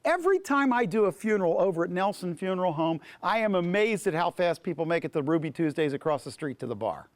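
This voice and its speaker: A man who is a pastor and Bible teacher, telling a story in a class in an animated way, often repeating words. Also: sits high, fast talker, few pauses, dry recording.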